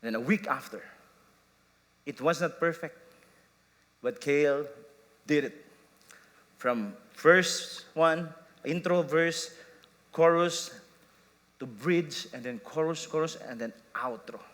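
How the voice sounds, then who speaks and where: A man's voice: on the high side, takes it slowly, long pauses, a bit bright. A man preaching a sermon, telling a family story and laughing at himself as he quotes his sons and wife. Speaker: pastor. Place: church sanctuary. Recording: long church hall reverb.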